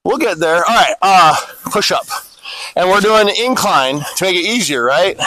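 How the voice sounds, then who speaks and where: A man's voice: high-pitched, lively intonation, normal speed, pushed and bright, a little hiss or hum, low-quality recording. A middle-aged man leading informal army fitness drills outdoors on a hillside, calling cadence counts, correcting form and joking as he coaches. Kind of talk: informal exercise instruction.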